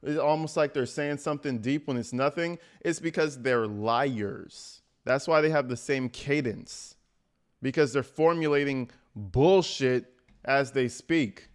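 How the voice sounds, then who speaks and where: A man talking over a clip on a live stream, mocking what he hears. His speech is blunt and crude, and his pitch sits in an ordinary middle range. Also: unhurried, clear, resonant tone. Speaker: streamer reacting to a video. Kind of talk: casual live reaction commentary.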